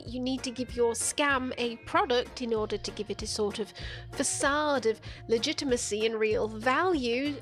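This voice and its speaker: A woman narrating a satirical commentary in a sarcastic, profane, joking manner. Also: a little high. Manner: sarcastic, profane, deadpan jokes. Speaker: video essayist.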